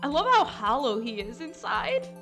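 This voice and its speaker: A woman's voice: high-pitched, big pitch swings, moderate pace, pushed and bright. A woman co-hosting a game stream, joking and laughing often in casual chat. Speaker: streamer co-host. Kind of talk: casual let's-play chat. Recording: faint game music behind.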